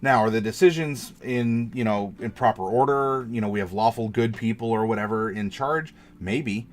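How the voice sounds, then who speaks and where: A man's voice: medium pitch, normal speed. A man hosting a casual tabletop game worldbuilding chat, talking loosely with many fillers and restarts. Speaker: game master and show host.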